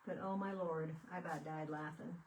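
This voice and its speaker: A woman's voice: low-pitched, fairly even intonation, moderate pace, a little hiss or hum. A woman chatting casually as she works on a craft project and tells a story. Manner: chatty, storytelling, laughing fits. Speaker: craft video host. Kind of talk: casual chat while crafting. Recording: voice a bit far from the mic.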